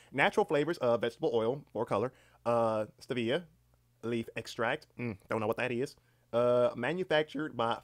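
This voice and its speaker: A man chatting casually on a live stream, rambling and swearing freely, reading aloud haltingly with lots of fillers. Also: mid-range voice, dry recording, studio quality. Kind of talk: casual livestream chat.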